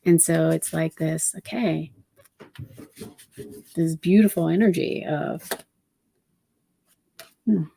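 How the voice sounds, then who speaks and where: A woman with a lowish, warm and mellow voice leads a spiritual channeling talk. She speaks in a gentle, meandering way, reflecting aloud with many soft fillers. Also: slow pace, creaky, long pauses, slightly rough. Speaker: numerology reader and channeler.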